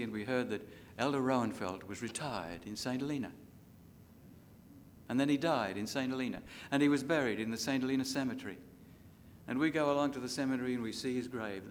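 Preaching in a large hall, an older Australian pastor swings dramatically between loud and soft, lifting his voice for scripture and sinking almost to a whisper for asides. He slows to dwell on important lines, and a long reverb and faint low rumble fill the recording.

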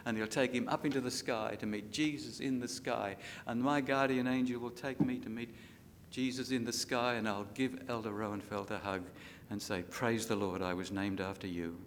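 An older man with an Australian accent preaching a sermon, swelling loud for scripture and dropping soft for asides. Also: mid-range voice, steady tone, in a large hall, slight background noise. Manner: dramatic rises and drops in loudness, slows for scripture. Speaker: pastor.

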